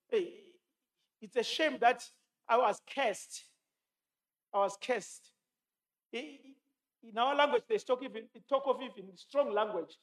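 A man delivers a sermon in a notably high voice. He talks emphatically, quotes scripture and repeats his key lines for weight. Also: animated, measured pace. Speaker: preacher.

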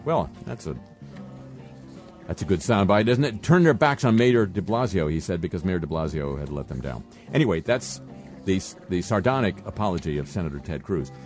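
Deep-voiced sardonic older radio host. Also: male voice, lively intonation, a little mellow, faint music behind. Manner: dry, sardonic, halting with fillers. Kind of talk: satirical radio commentary.

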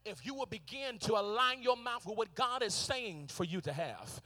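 A middle-aged man preaching a sermon in a church, shouting and half-singing his lines in call-and-response style, with frequent "uh" fillers. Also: high-pitched, lively intonation, normal speed, soft background music. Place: church sanctuary.

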